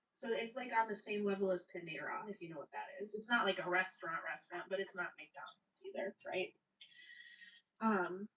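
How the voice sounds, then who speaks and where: Young woman with a stuffy nose, animated casual storyteller, voice sitting away from the mic. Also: mid-range voice, recorded from a distance, rough recording. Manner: chatty, animated, swearing. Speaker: guest telling a story. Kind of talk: casual live-stream storytelling.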